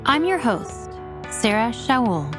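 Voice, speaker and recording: A woman's voice: a little high, sing-song, slow. Woman host over background music. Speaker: podcast host. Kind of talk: scripted podcast introduction and interview questions.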